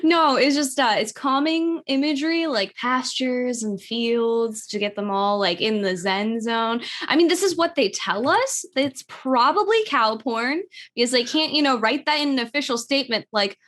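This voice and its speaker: Giggly female podcast co-host, a slightly high voice, chatty. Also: normal speed, hardly any pauses, fairly bright tone. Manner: giggly, laughs often. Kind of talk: casual comedy podcast chat.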